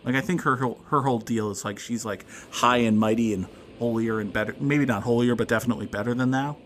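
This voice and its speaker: A man's voice: medium pitch, fast, fairly bright tone, slight background noise. A man hosting a let's play, giving casual gameplay commentary with jokes, wry asides and frequent laughs.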